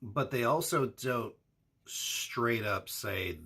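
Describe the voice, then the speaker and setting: A man's voice: fairly low pitch, lively intonation, unhurried, creaky, fairly bright tone, slightly rough. A man co-hosting an anime discussion, asking his partner questions and hedging with fillers as he talks. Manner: asks questions, hedging with fillers like "uh" and "you know". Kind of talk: casual analytical discussion.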